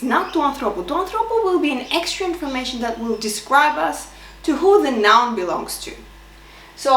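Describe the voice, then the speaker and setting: A woman's voice: fairly high pitch, fairly bright tone, far from the mic, slight background noise. Woman teaching grammar. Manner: explains slowly, mixing Greek and English with fillers. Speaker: Greek language teacher. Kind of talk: online language lesson. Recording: echoey room, mic set back.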